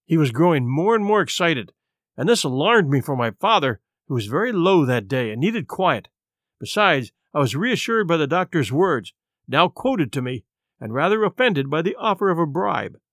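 A man narrating a classic adventure audiobook in the first person, expressive and measured. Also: a little high, no room sound, studio quality.

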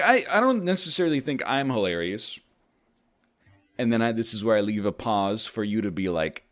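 A male show host rambles through a self-deprecating comedy monologue packed with "like." His pitch jumps suddenly whenever he acts out other people.

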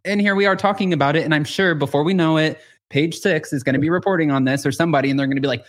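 A man hosting a podcast, telling gossip with lively acted-out quotes and lots of filler "like". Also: fairly high pitch, racing. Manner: animated storytelling with acted-out quotes; frequent filler "like". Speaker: podcast host. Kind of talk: casual gossip chat.

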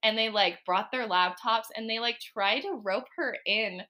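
A woman's voice: a little high, normal speed. A young woman co-hosting a casual podcast, telling a story with lots of acted-out quotes and frequent laughter. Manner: animated storyteller, acts out quotes, laughs often. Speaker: podcast co-host. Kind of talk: casual chat.

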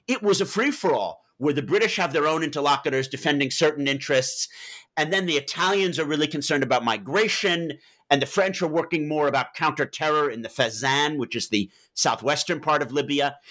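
Bright-voiced man explaining at length. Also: fairly high pitch. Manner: discursive, tells anecdotes with quoted dialogue. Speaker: author being interviewed. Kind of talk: explanatory interview answers.

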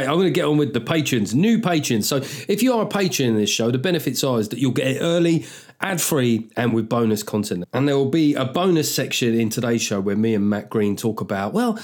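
A man's voice: mid-range voice, a little mellow. A middle-aged man in his forties hosting a comedy podcast, riffing and swearing in a loose, joking monologue. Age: 40s. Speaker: podcast host.

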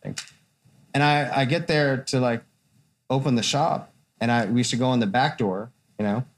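A man's voice: mid-range voice, a little fast. A man, a tattoo artist and podcast host, telling a long story in casual, profane chat and acting out the people in it.

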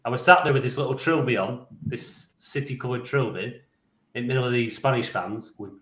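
A man rattles through a story, rambling and lively, swearing freely and laughing as he goes. His voice sits at an ordinary middle pitch. The room around him gives it a noticeable echo. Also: fairly quick. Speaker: podcast co-host. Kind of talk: casual anecdote telling.

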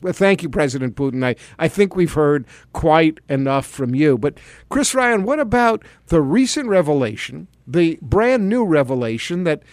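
Male radio host, slightly high voice, brisk and playful, dry studio mic. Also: sing-song, a little mellow, no room sound. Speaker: radio talk show host. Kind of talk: talk radio hosting.

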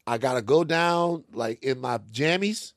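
A man from Louisiana, co-hosting a casual comic chat and telling lively stories. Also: medium pitch, a little slow, no echo, studio quality. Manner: animated storyteller, acts out other voices. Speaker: podcast co-host.

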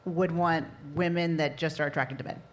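A woman on a podcast panel speaks frankly and plainly. Her voice sits on the low side. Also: fairly even intonation, moderate pace. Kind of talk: casual podcast chat.

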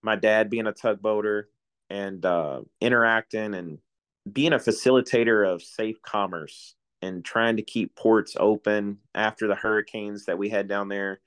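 A man's voice: on the low side, steady tone, normal speed, fairly bright tone, clean tone. A man in his forties, a retiring coast guard officer, telling folksy stories in a casual chat and chuckling often.

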